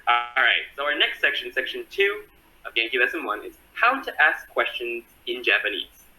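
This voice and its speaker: A man explaining a textbook lesson in a lively, upbeat way, heard in a clip played from a video. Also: mid-range voice, moderate pace, poor audio. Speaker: online Japanese tutor.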